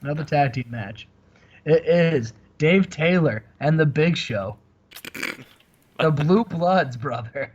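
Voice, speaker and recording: Animated man narrating a game, dull mic. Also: on the high side, slow pace. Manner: animated storytelling, quotes characters, laughs often. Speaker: host. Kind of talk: comedic let's-play commentary.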